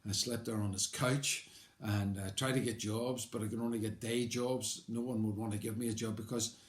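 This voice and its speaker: A man's voice: lowish voice, steady tone, normal speed. An older man with a Belfast accent, telling his own life story in a conversational, wry way, rambling a little with fillers. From Belfast, Northern Ireland. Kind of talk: personal life story told aloud. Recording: roomy echo.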